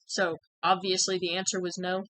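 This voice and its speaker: Bright-voiced young woman telling her story. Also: fairly low pitch, little pitch movement, moderate pace, no echo, poor audio. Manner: frank and conversational, with many "like"s and "um"s. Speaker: channel host sharing personal experience. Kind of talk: candid personal storytelling.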